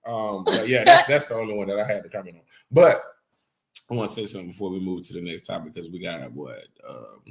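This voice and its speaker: A man's voice: low voice, quick pace. A man co-hosting a podcast, laid-back and playful in casual chat, reading out listener comments. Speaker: podcast co-host.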